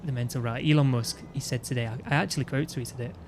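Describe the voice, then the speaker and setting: A man's voice: medium pitch, fast talker, a little mellow, a little hiss or hum. Rambling man ranting casually. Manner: rambling, with frequent restarts and "you know what I mean". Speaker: gaming video host.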